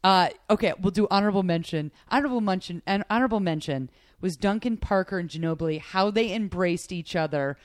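A woman's voice: lowish voice, a little fast, no room sound, clean studio sound. A woman hosting a casual sports podcast, chatty and gushing, with lots of fillers. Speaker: podcast host.

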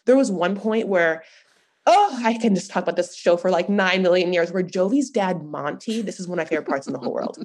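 A young woman hosting a podcast, recapping a reality show in an animated, gossipy chat full of fillers. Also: lowish voice, brisk. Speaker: podcast host.

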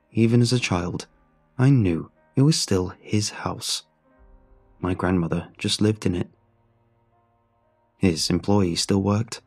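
Husky-voiced male story narrator. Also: on the low side, darkish tone. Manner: measured and reflective.

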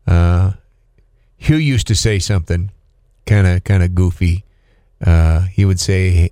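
A middle-aged man co-hosting a podcast, talking in a halting, emotional way with many restarts. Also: deep voice, dark tone, no room sound, studio quality. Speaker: podcast co-host. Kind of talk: casual chat.

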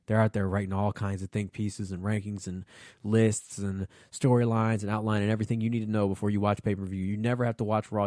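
A young man hosting a podcast, rambling in a casual solo monologue full of swearing and excited outbursts. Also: on the low side, no room sound, clean studio sound. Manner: profane, excitable rambling with laughs. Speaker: podcast host.

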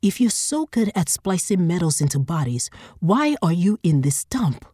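Blunt tired young traveller voiced by the lady narrator, low and a bit husky, storybook. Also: big pitch swings, normal speed, dark tone, no echo, studio quality. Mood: snapping. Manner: curt and snappish.

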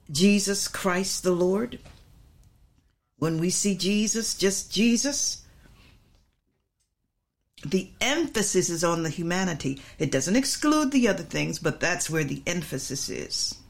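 A woman's voice: lowish voice, lively intonation, measured pace, vocal fry, pauses often. A middle-aged woman preacher teaching a sermon, emphatic and repetitive, drawing out her stresses.

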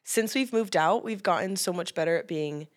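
A woman's voice: lowish voice, moderate pace. A young adult woman co-hosting a podcast in casual chat, earnest and emotional, saying "like" a lot. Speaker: podcast co-host.

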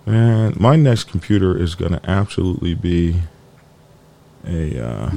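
A man with a gravelly, fairly low voice hosts a casual biker news live stream. His pitch jumps around a lot as he rambles and jokes. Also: big pitch swings, unhurried, noisy background. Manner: rambling, joking, talks to his dog mid-show. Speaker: biker news show host.

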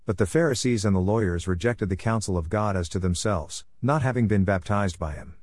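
A man with a low voice reads scripture in a steady, measured manner. The recording is dry and close, with no room sound around him. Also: no echo. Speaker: scripture reader. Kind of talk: scripted Bible reading.

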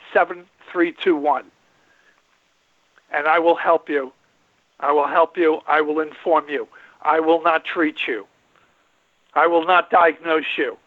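A man's voice: a little high, dry recording. A man in his late seventies hosting a call-in radio show, rambling and emphatic, repeating himself for effect. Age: 70s. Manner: rambling, folksy, emphatic with repetitions. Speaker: radio show host and veterinarian. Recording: tinny phone-line audio.

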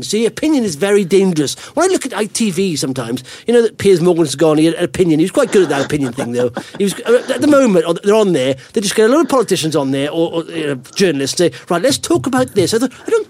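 Middle-aged male podcast host, excitable rambler, high animated delivery. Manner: excitable, rambling, quick-fire. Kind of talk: casual investing podcast chat.

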